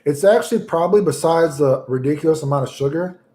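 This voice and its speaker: A man's voice: on the high side, fast talker, dark tone. A man livestreaming in casual chat, rambling and making crude jokes as he talks about fighting games.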